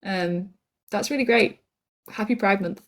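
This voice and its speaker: A young woman co-hosts a live podcast stream from a shared table indoors, reading listener comments aloud. Her voice is medium-pitched and unhurried, and she giggles, easily amused.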